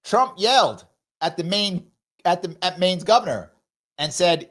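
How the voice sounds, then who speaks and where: A male host reacting live to political clips. He is sarcastic and mocking, and his pitch swings widely as he talks, from low mutters to high jabs. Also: animated, normal speed, fairly bright tone.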